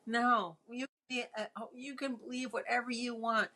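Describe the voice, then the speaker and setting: A woman holds forth in casual conversation, firm and opinionated. Her voice is bright and sharp and sits slightly high. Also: steady tone, normal speed, hardly any pauses. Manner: opinionated, emphatic. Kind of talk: casual chat.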